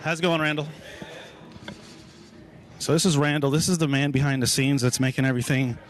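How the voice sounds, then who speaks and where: A man's voice: mid-range voice, flat delivery, brisk, a little hiss or hum. A man hosting a walking live stream at an outdoor car show, upbeat and hyping the crowd, a little out of breath.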